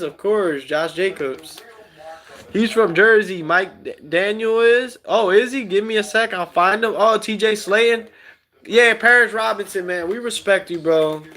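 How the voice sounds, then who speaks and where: A man's voice: sits high, vocal fry. Male stream host; easygoing, chatty, reads comments aloud. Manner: relaxed, reads chat aloud, many fillers. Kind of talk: casual live stream chat.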